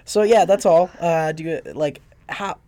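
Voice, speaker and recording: A man in his thirties co-hosting a casual chat, telling crude, profane stories with big animated swings. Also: on the high side, measured pace, no room sound. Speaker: podcast co-host.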